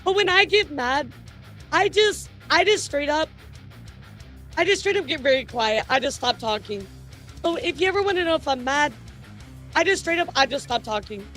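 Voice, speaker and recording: A VTuber news streamer hosts a casual live stream, her high, bright voice repeatedly jumping up in excitement. She's giggly and animated, laughing often, swearing casually and talking directly to viewers at a normal speed with long pauses. Faint music plays in the background.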